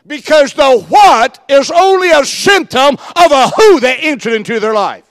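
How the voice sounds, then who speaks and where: Male pastor, very high voice, dry close sound, shouting sermon delivery. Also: expressive, normal speed, no echo, long reverb tail. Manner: preachy, shouts for emphasis, acts out quoted dialogue. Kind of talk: fiery sermon.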